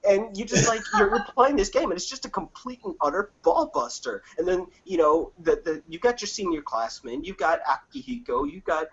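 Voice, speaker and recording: A man's voice: high voice, normal speed, hardly any pauses, slightly rough, lo-fi sound. A man in a casual gaming podcast, ranting with lots of swearing and comic asides. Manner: profane, animated ranting with comic impressions. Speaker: podcast panelist.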